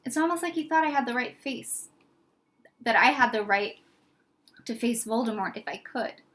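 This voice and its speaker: A woman's voice: a little high, animated, moderate pace, a bit bright. A woman voicing a thoughtful, earnest young schoolboy in a storybook reading.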